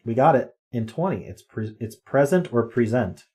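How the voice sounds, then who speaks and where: A man's voice: medium pitch, moderate pace, a little mellow. A man streaming live, chatting casually as he works through word games and thinks aloud with ums and guesses. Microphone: desk microphone.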